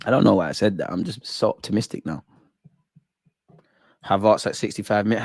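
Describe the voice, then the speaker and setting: A man's voice: medium pitch, lively intonation, brisk, a little mellow, no echo, studio quality. A young man doing live, jokey, slang-filled football watch-along banter with his chat. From England.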